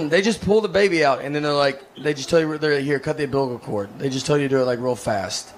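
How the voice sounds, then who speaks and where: A man from Tennessee, in his thirties, doing a rambling, deadpan, self-deprecating stand-up set on a theater stage. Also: fairly high pitch, brisk. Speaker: stand-up comedian. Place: theater stage with a laughing audience. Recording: live stage recording with clear noise.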